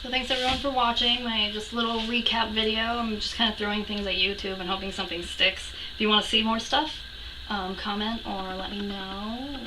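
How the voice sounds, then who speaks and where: A woman's voice: medium pitch, fairly even intonation, fairly quick, far from the mic, background noise. A young woman recapping a convention in a casual vlog, gushing and breathless, with lots of restarts and casual swearing. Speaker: vlogger.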